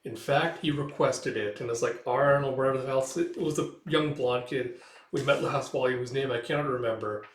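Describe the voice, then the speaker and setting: A man's voice: medium pitch, fairly even intonation, a little fast, a little hiss or hum. A man casually recapping a comic book, rambling with lots of fillers and acting out the dialogue. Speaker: host. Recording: roomy echo.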